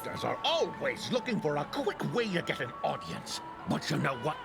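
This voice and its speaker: A man's voice: fairly high pitch, big pitch swings, normal speed. An actor playing a grumpy old man in a game, grumbling and lecturing like a jaded critic. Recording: game audio over clear music.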